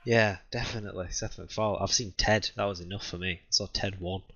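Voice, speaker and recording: Blunt, bright-voiced young man arguing. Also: deep voice, fairly even intonation, a little fast, no room sound, lo-fi sound. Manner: blunt, opinionated, laughs often. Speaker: podcast co-host. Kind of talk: casual argumentative chat.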